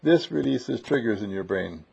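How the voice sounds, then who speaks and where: A man's voice: mid-range voice, expressive, moderate pace, vocal fry, a little mellow, husky. A man leading a casual group conversation, rambling and playful, with many fillers and restarts. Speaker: seminar leader. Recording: dull lo-fi recording.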